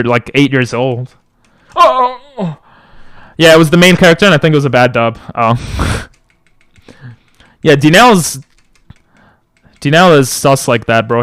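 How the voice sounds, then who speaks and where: A young man streaming from home on a close boom mic, rambling and joking as he answers chat. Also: a bit bright, smooth, no room sound. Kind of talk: casual live-stream chat. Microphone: boom mic close to the mouth.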